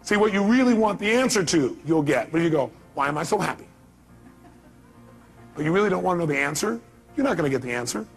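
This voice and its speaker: A man delivers a motivational seminar at a rapid clip, his voice fairly high and husky. He tells his stories with big, animated swings, acting out every quote. Faint music plays beneath him. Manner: animated storytelling, acts out quotes with big pitch jumps. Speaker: motivational speaker. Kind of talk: live seminar talk to an audience.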